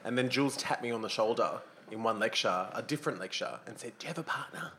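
A man's voice: medium pitch, quick pace, over a noisy crowd. A man, a podcast co-host, chatting casually at a dinner table with sarcastic jokes and laughter. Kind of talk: casual chat.

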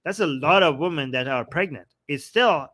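A man's voice: on the high side, animated, moderate pace, sharp tone, no room sound. A man hosting a casual talk show, reading viewer comments and questioning claims with hedging asides. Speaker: host.

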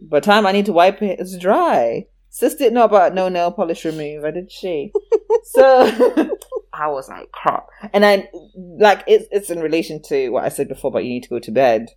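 A woman chatting casually, telling a childhood story. She slips into the voices of the people in her tale and often breaks into laughter. Her delivery is lively and expressive. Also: lowish voice, normal speed.

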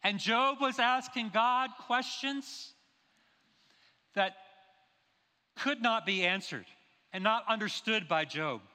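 A male pastor preaches with a high, bright, forceful voice, driving his points home with rhetorical questions. His words ring out through a church sanctuary with a long, lingering reverb. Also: takes it slowly, pauses often, clear, resonant tone. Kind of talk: sermon. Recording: long reverb of a large hall.

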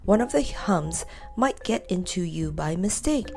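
A courteous teddy bear footman speaks in a hushed, polite voice, as a woman reads him. His tone is mellow and soft, a gentle servant from a storybook. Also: on the low side, expressive, measured pace, gravelly, soft background music.

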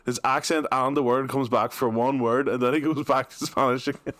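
A man co-hosting a podcast, telling stories in a casual, excitable way and swearing freely. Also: mid-range voice, a little fast, no room sound, clean studio sound. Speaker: podcast co-host. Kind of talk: casual chat.

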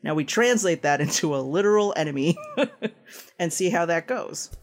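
Gravelly-voiced man designer, chatty. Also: a little high, animated, normal speed. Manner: rambling, peppered with "like" and "um", laughs often. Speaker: guest, tabletop game designer. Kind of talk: casual podcast interview.

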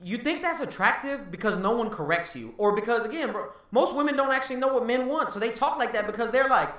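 A man in his thirties in casual podcast chat, talking fast and loose, swearing and tagging lines with "bro" and "right?". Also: very high-pitched, expressive, a bit bright, reverberant, far from the mic. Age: 30s. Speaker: podcast co-host.

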